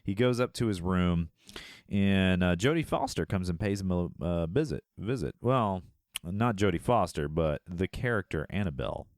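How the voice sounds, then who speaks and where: Man, deep low voice, joking podcast co-host, movie recap, dry close sound. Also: normal speed, a little mellow, no echo. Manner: jokey, acts out lines in playful voices. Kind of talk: casual movie recap chat.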